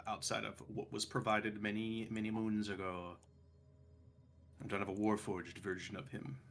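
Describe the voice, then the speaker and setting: Bright-voiced man running a tabletop game. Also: on the low side, vocal fry, a little hiss or hum. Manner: laughing, casual, swears freely. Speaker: game master.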